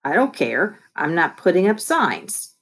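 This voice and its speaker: A woman's voice: on the low side, big pitch swings, unhurried, gravelly, husky, full character voice. A woman voicing a clever young boy who turns whiny and indignant, in a raised voice.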